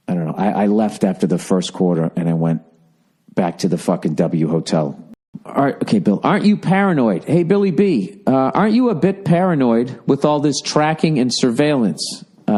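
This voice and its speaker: A man's voice: fairly low pitch, dark tone. A man with an American accent, ranting in a profane, exasperated comic monologue, talking to listeners. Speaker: comedian.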